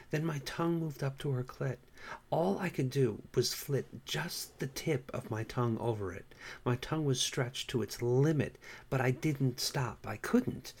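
A man's voice: mid-range voice, vocal fry, darkish tone. Wry, chatty male author-narrator. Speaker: self-published author reading his story. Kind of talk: casual intro, then story narration.

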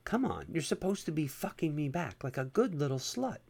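Taunting dominant policewoman, higher and mocking, put on by a male narrator. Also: very animated, a little fast, gravelly, darkish tone, husky, heavily acted. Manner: taunting, smug. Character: bossy female police officer, teasing dominant.

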